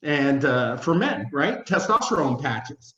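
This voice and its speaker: A man's voice: a little high, very animated, slow, sharp tone, lo-fi sound. Rambling man on a roomy video call. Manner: rambling, repeats words, emotional. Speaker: company spokesman. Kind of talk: casual video-call talk.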